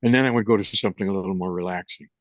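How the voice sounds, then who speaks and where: A man in his eighties, co-hosting a reflective chat on consciousness and guiding a meditation, unhurried and gentle, often trailing off softly. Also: deep voice, no echo. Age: 80s. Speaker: co-host, meditation and consciousness teacher. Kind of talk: reflective conversation and guided meditation. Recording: dull lo-fi sound.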